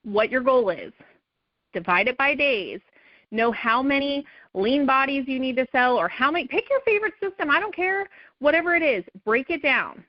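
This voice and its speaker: A woman's voice: high-pitched, animated, normal speed, dry recording, highs cut off. A woman leading a sales team call, giving an emphatic motivational talk that keeps coming back to okay and right. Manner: emphatic, repetitive, pep-talk, says okay and right a lot.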